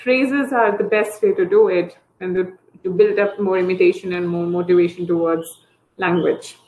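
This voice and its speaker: A woman's voice: fairly even intonation, normal speed, a little mellow, a little hiss or hum. Woman therapist explaining in a roomy echo. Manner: explanatory, models child-directed speech with high sing-song examples. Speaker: early intervention therapist. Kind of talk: online parent training talk. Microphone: video call.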